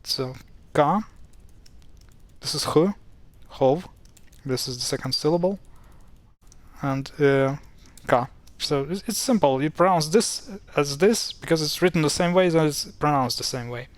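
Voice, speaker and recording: In a slightly high, unhurried voice with no echo, a language explainer chats about pronunciation on a casual screen-share. He sounds exasperated at mispronunciations and frequently restarts or uses fillers.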